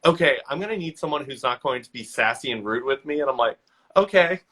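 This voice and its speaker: A man with a bright, forceful voice hosts a relaxed podcast chat. He tells lively stories and acts out the people in them with a raised voice. His pitch sits in the middle range. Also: quick pace, husky, poor audio. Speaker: podcast host. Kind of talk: casual chat, telling funny work stories.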